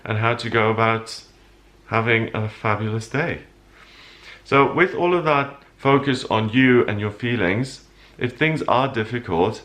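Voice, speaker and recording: A man's voice: medium pitch, a bit bright. A man hosting a weekly horoscope show, talking earnestly and at times emotionally about the week's astrology. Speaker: astrologer host.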